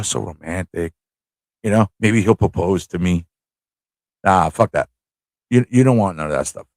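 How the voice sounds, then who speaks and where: Hosting a live stream from New York City, this man chats casually, rambling through profane, laugh-filled stories. He has a low-pitched, darkish voice on a dry recording.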